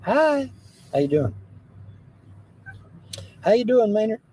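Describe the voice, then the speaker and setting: A man's voice: high-pitched, very animated, takes it slowly, warm tone, slight background noise, poor audio. A man hosting a livestream, joking playfully with his viewers and drifting into bits of song. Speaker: livestream host and singer. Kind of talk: casual chat with live viewers.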